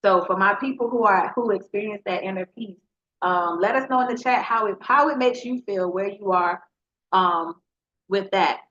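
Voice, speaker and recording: A woman's voice: mid-range voice, moderate pace, a bit bright. Earnest woman podcast host, slightly muffled. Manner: earnest, preacher-like, talks straight to listeners. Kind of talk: motivational podcast monologue. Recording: slightly dull lo-fi sound.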